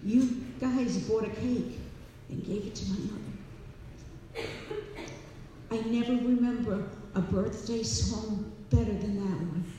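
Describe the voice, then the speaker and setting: A woman sharing her personal recovery story with an audience, warm and animated, laughing and repeating herself as she talks. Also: mid-range voice, unhurried, a little hiss or hum. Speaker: speaker at a recovery meeting. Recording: echoey hall, distant mic.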